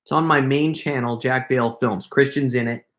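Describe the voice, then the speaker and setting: A middle-aged man hosting a casual live Q&A, telling stories in an excitable, rambling way full of quick asides. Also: medium pitch. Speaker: prank video creator hosting a live Q&A. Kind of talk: casual livestream chat.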